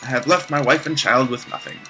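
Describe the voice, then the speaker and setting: A man's voice: mid-range voice, steady tone, fairly quick, bright, forceful tone, faint music behind, close to an everyday voice. A man voicing a proud young prince reading his own journal, in a put-on accent that keeps shifting. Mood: proud, solemn. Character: earnest young male prince writing a journal.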